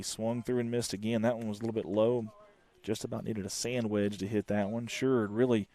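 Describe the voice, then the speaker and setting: Guy doing play-by-play at a small-town ballgame, folksy, gets loud on close plays. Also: medium pitch. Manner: folksy one-man commentary, excited calls. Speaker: play-by-play announcer. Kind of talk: live high school baseball commentary.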